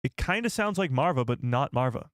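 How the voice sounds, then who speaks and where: Excitable man reacting on a live stream. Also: medium pitch, brisk, background noise. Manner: excitable, incredulous, talks to chat.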